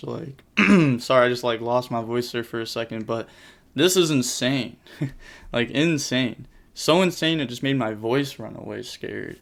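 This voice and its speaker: Young guy narrating card game replays, smooth clear voice, middle pitch, rattles off plays fast. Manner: rattles off plays in quick bursts, jokey asides. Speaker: channel host commentating card game replays. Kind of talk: casual gameplay commentary.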